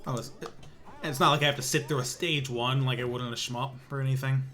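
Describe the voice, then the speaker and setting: A man's voice: mid-range voice, steady tone, quick pace, fairly bright tone, faint music behind. A young man streaming a pinball game, chatting casually in a rambling way with many restarts and sarcastic asides. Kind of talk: casual stream commentary while playing.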